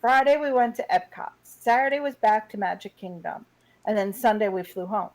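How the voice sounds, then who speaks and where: A woman in her forties co-hosting a radio talk show, telling a story in brisk, casual chat. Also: mid-range voice, fairly even intonation, darkish tone, low-quality recording. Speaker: radio co-host.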